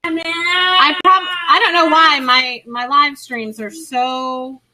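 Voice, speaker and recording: A woman chatting casually on a livestream, halting and puzzled. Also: high-pitched, steady tone, pushed and bright, poor audio. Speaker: livestream guest. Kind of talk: casual chat.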